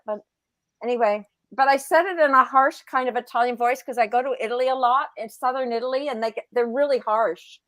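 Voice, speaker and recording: A woman with a fairly high voice tells stories and jokes in casual group talk. Her delivery is animated and full of laughter. The sound is dry and close. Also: a little fast, no room sound.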